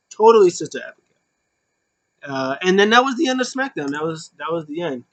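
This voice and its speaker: A man giving a casual, rambling recap of a wrestling show, filling pauses with ums and uhs. His voice sits somewhat high, and the recording is dry and close. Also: no echo, muffled recording. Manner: rambling, filler-heavy, animated.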